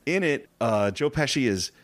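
A man's voice: mid-range voice, moderate pace. A man co-hosting a podcast, telling film stories in casual talk and acting out the quotes. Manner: animated storyteller, acts out quotes. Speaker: podcast co-host.

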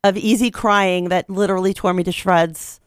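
A female radio co-host bantering on air, firing back quick, mock-indignant comebacks. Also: mid-range voice, steady tone, smooth, no room sound, studio quality.

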